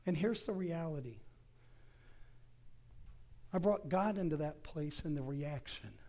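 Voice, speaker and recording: A middle-aged man preaching a sermon as associate pastor, moving between loud bursts and soft whispered phrases, in a church sanctuary. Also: on the high side, lively intonation, a little slow.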